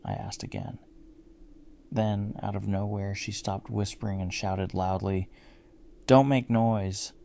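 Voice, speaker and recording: A man with a deep, heavily gravelly voice tells a first-person horror story. His tone is dark and mellow, and he keeps a measured, grim pace of storytelling throughout. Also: very animated, slight background noise.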